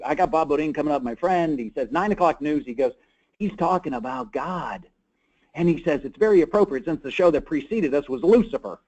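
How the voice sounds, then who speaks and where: A man's voice: high voice, highs cut off. A man being interviewed as an author on a call, telling stories with energy and acting out dialogue. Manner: energetic, acts out quoted dialogue. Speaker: author and guest. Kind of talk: animated storytelling interview. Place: call or webinar.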